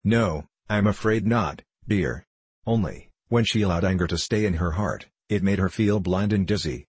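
A man reading an audiobook, voicing a patient mother who speaks in a measured, gently admonishing way. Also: low voice, husky, no room sound. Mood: grave.

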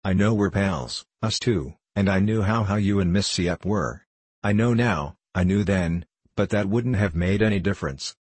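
A man voicing a huge, slow-witted man who stammers and repeats himself helplessly in a storybook reading. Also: fairly low pitch, sing-song, a little mellow, slightly rough, dry recording, heavily acted. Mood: pleading.

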